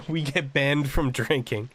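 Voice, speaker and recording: A man's voice: a little high, slow pace, fairly bright tone, slightly rough. An American man streaming a game and chatting casually, rambling and laughing often. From United States. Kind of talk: casual chat while gaming.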